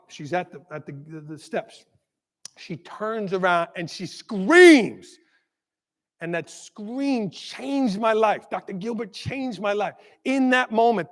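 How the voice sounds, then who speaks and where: A man giving a motivational keynote as a school leader, telling a story with animated energy and checking in with the crowd with constant "right?"s. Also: sits high. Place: large conference hall. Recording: long hall reverb.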